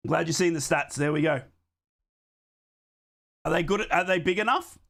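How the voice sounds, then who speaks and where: A young man hosting a live football watchalong, his voice hoarse and worn down by a chest infection. He sits slightly high in pitch for a man and talks loosely and chattily, answering his live chat and commenting on the match as it goes. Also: normal speed, fairly bright tone. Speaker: watchalong host.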